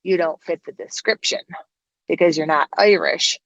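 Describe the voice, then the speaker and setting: A woman putting on the voice of a dismissive middle-aged male doctor, offhand and flat. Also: lowish voice, normal speed, no echo, muffled recording.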